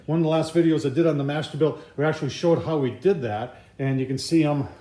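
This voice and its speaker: With a slight hiss or hum in the background, a cooking channel host talks fast in a mellow, slightly high voice. His casual vlog style is folksy and chatty, and he keeps calling his audience "folks."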